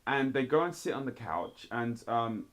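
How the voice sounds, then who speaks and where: A man talks through a show review in an animated, outspoken way, his voice jumping sharply upward when he gets worked up. His pitch sits in an ordinary middle range, and he speaks bluntly, addressing the people he reviews directly. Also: moderate pace. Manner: animated, exclaiming, big pitch jumps. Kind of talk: casual commentary video.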